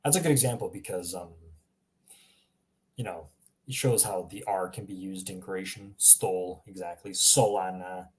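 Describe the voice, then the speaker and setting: A man giving a casual live language lesson, chatty and relaxed, reacting to viewers' examples and laughing now and then. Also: deep voice, normal speed. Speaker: language teacher.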